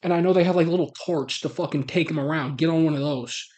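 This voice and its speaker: A man's voice: a little high, quick pace, a little mellow. A man hosting a live stream, chatting casually in a profane, blunt way and laughing often.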